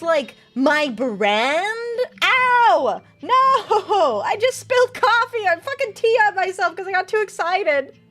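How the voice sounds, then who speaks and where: Bubbly high-voiced woman streamer. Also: fairly bright tone. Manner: bubbly, swears casually, reads chat aloud. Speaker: VTuber streamer. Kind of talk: casual live-stream chat.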